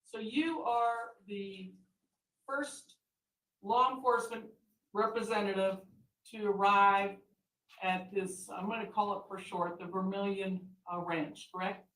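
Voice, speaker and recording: A woman attorney questioning a witness in a courtroom, asking deliberate, leading questions. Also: medium pitch, fairly even intonation, fairly bright tone. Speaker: defense attorney. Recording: echoey courtroom audio from far mic.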